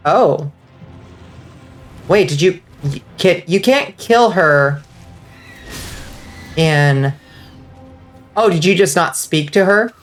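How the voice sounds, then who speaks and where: A woman streaming a game live, chatting casually and rambling with lots of fillers, now and then breaking into excited outbursts. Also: lowish voice, slow pace, pauses often, faint music behind. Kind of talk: casual livestream chat while gaming.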